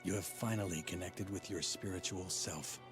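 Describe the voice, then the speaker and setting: Wise spirit mentor, real low voice, slow and soothing, big music swelling behind. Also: male voice. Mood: calm. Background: swelling music score.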